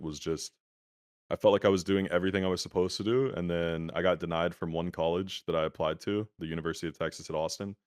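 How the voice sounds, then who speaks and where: Deep-voiced young man on a laggy call. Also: clear, resonant tone, no echo, clean studio sound. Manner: relaxed, many filler words like "um" and "like". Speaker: guest. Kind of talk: casual interview over a video call. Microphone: video call. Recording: laggy internet call audio.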